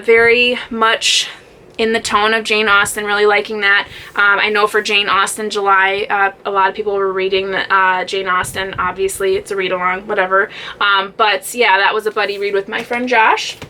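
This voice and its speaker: Bright-voiced chatty woman vlogger. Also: mid-range voice, little pitch movement, moderate pace. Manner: chatty, rambling with fillers and laughs. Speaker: booktube vlogger. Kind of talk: casual chat.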